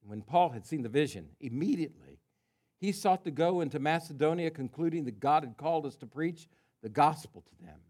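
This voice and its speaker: A pastor preaching a sermon to his congregation in a conversational way, telling a story with quiet asides. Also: fairly high pitch, lively intonation, brisk.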